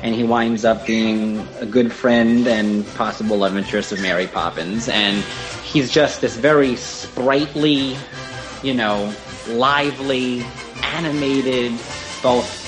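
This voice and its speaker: A man's voice: mid-range voice, takes it slowly, over music, poor audio. Enthusiastic rambling male podcast co-host. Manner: enthusiastic, rambling, with many fillers. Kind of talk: casual podcast discussion of film performances.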